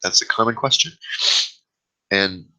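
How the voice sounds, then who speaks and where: Deep, sharp-toned man rambling candidly. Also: a little slow, poor audio. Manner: rambling and candid, speaking openly about his fears. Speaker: vlog host. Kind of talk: confessional vlog monologue. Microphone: own camera mic, self-recorded.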